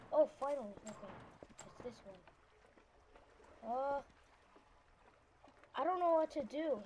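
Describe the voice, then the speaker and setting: A woman narrating her own gameplay in an excitable, stammering way, often yelling at enemies. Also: high-pitched, a little hiss or hum. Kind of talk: let's-play commentary. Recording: loud game sound behind the voice.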